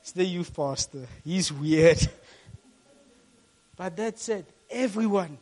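High-voiced man preaching with animated storytelling. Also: extremely slow. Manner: lively storytelling preacher, repeats key phrases. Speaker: youth pastor. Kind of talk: sermon.

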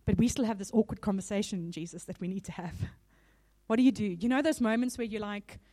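A woman giving a sermon in a casual, animated storytelling manner. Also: medium pitch, fast talker. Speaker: speaker. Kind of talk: conversational sermon.

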